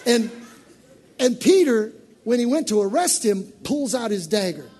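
A man preacher giving an animated, conversational sermon to a congregation in church. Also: extremely high pitch, unhurried, slightly rough, some chatter behind.

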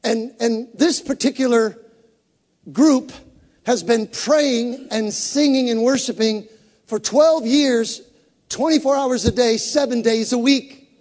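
A man's voice: very high-pitched, slow pace, a little mellow. A man preaching a sermon as pastor, fervent and leading the congregation in call and response. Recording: long hall reverb.

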